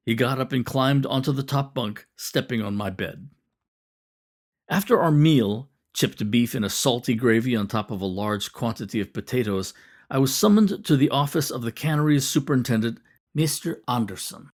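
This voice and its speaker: A man reading his own novel aloud as first-person audiobook narration, measured and steady. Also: medium pitch. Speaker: author reading own book.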